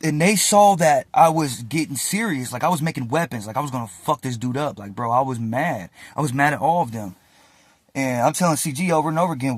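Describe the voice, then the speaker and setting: A man in casual storytime mode, recounting events with loose slang and plenty of cursing. His voice sits at an ordinary middle pitch. The sound is close and dry, with no room echo at all. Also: brisk. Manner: animated, slangy and profane retelling.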